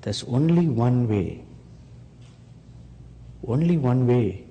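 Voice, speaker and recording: A man preaching a sermon, speaking slowly and emphatically and rising on rhetorical questions to his listeners. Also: medium pitch, expressive, warm tone, slightly rough. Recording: long hall reverb.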